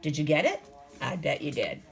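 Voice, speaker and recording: A woman teaching a phonics lesson to young children, sounding out letters slowly and asking the class coaxing questions. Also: low-pitched, huge pitch swings. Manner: slow, sounds out letters and words.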